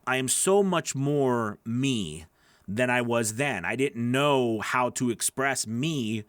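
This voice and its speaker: A man's voice: mid-range voice, animated, takes it slowly, a bit bright, smooth, no room sound. A man coaching voice actors on a live stream, chatty and encouraging as he answers viewer questions into a studio microphone. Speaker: voice-over coach.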